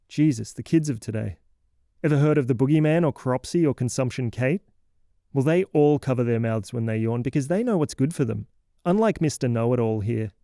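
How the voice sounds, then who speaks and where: Man voicing a sarcastic, theatrical scold lecturing a kid, mellow dark tone, dry close sound. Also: medium pitch, no echo, close to an everyday voice. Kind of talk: comic horror audio fiction monologue.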